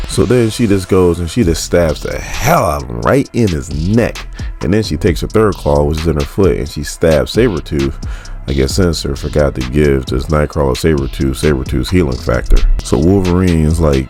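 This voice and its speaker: A man's voice: rumbling low, lively intonation, normal speed, darkish tone, faint music behind. A man casually recapping a comic book story, chatty and laughing often as he loosely retells the characters' lines.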